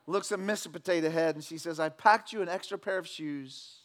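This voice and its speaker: A pastor preaching a sermon, swinging between loud fervent declarations and relaxed, joking talk with the congregation. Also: male voice, on the high side, brisk. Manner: preaching with loud emphatic shouts, then conversational with jokes.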